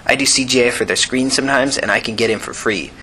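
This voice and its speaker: A man's voice: mid-range voice, fast, sharp tone, a little hiss or hum, close to an everyday voice. A man doing a cocky young hacker guy. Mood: boastful. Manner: boastful.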